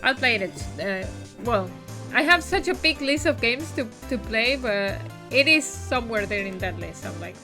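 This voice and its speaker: A woman's voice: a little high, expressive, normal speed. A woman streaming a game live, chatting and making amused asides to viewers over game music.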